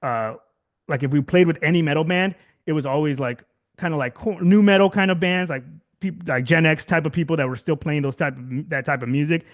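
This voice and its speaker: A man in his thirties with a somewhat high voice talks a little fast. He's a guest musician from Southern California in a casual interview, rambling with plenty of fillers and restarts and laughing often.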